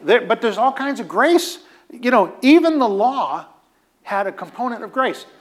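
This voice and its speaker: A man's voice: very high voice, animated, normal speed. A man preaching a teaching sermon in a conversational way, with emphatic repetition and casual asides. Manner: emphatic, repeats phrases for stress.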